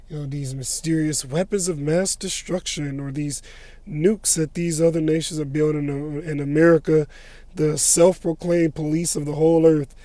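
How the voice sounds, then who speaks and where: A male preacher delivers a scripture lesson in a steady teaching tone. His voice sits a little high but sounds dark and mellow, and it stays flat in pitch. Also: no room sound. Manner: repeats "all right?" as a tag, steady teaching tone. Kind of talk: sermon lesson.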